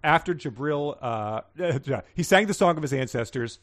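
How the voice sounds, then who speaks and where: A man's voice: a little high, animated, normal speed, a bit bright. A man co-hosting a comedy podcast, rambling and joking as he riffs on a book, laughing often. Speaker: podcast co-host. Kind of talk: casual comedic riffing on a book.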